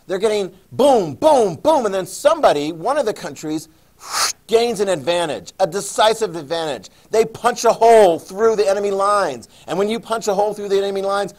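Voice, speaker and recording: A man teaching a history class, animated and jokey, acting out quoted voices. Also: sits high. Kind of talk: classroom lecture.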